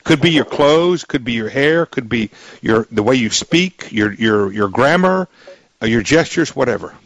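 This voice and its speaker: A man's voice: mid-range voice, animated, normal speed, a bit bright, dry recording. A male radio talk show host interviewing a guest in an emphatic, joking way, with frequent restarts. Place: radio studio.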